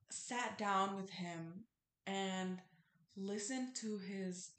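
A woman's voice: mid-range voice, extremely slow, fairly bright tone, echoey room. A young woman hosting a casual solo podcast, rambling with lots of fillers and cursing freely. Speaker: podcast host.

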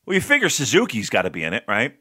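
A man co-hosts a loose, joking podcast chat, his pitch jumping around a lot. His voice is bright and forward. He riffs and teases his partner between questions. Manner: joking, animated, with a put-on slow describing voice at times. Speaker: podcast co-host. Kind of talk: casual podcast chat about wrestling.

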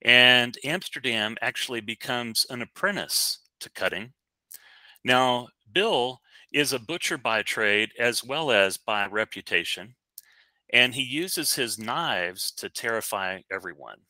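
A man's voice: medium pitch, animated, unhurried, pushed and bright, no echo. A man co-hosting a casual podcast, talking in a chatty, rambling way with many fillers and restarts. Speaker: podcast co-host. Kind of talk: casual podcast movie review.

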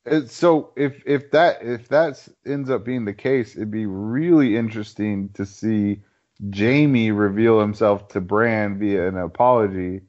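A man's voice: fairly low pitch, measured pace, darkish tone. A man in a casual podcast chat, thoughtful and hedging as he explains his view at length. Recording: dull lo-fi sound.

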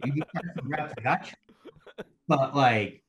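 A man's voice: mid-range voice, measured pace, fairly bright tone, a little hiss or hum. A young man from Bangladesh who grew up in the US, talking casually as a podcast guest. His speech is loose and slangy. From Bangladesh, raised in the US. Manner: laid-back slangy talk full of "like" and "bro". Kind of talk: casual conversation.

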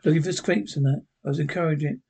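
A quiet old Scottish hermit in a television sitcom. His voice is husky and sits a little higher than most men's. He tells his story plainly and wistfully. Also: quick pace, poor audio. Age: older. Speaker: sitcom character. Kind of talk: sitcom acting.

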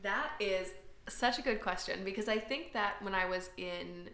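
A woman's voice: mid-range voice, normal speed, fairly bright tone. An American woman in her late twenties, co-hosting a podcast in a chatty, self-deprecating way with lots of fillers. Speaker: podcast co-host. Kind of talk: casual chat. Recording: echoey room.

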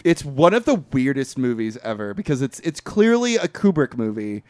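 A man co-hosting a podcast, recapping a film in casual chat, rambling and animated with lots of fillers. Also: mid-range voice, moderate pace, no room sound. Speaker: podcast co-host.

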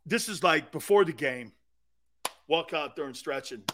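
High-voiced, animated sports radio host. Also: male voice, moderate pace, heavy background noise. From United States. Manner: animated, acts out angry fans in bursts. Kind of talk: loud comic sports talk rant.

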